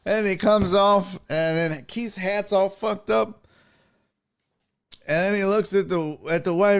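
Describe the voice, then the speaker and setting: A man's voice: high-pitched, steady tone, slow pace, creaky, smooth. A man hosting a sports talk show, telling a story in a casual, profane way and laughing often.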